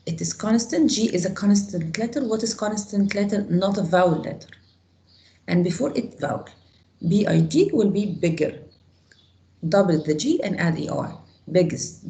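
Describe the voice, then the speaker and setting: A woman's voice: fairly low pitch, warm tone, echoey room, low-quality recording. A woman teaching an English grammar lesson to a class, explaining step by step and asking the students questions.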